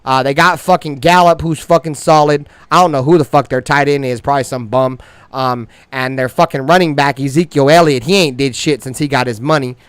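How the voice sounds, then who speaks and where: A man hosting a fan sports show, delivering swaggering, heavily profane trash talk in slang that grows loud and high-pitched when he gets worked up. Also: clear, resonant tone, no room sound.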